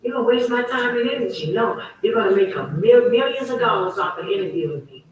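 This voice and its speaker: A woman's voice: a little high, expressive, fast talker. Woman host, emphatic and repetitive monologue; distant mic, echoey room, faint noise. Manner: emphatic, repetitive, heated storytelling. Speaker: host of her own online talk show. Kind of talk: casual livestream monologue.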